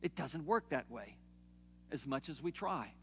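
A man preaching a sermon in a conversational way, swinging from loud emphatic peaks to soft low asides, in a church. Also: lively intonation, unhurried, slightly rough. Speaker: pastor. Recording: long hall reverb.

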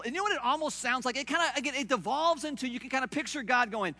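Man, pastor preaching, high voice, long hall reverb, conversational with loud emphatic bursts and quiet drops. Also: fast talker. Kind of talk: sermon.

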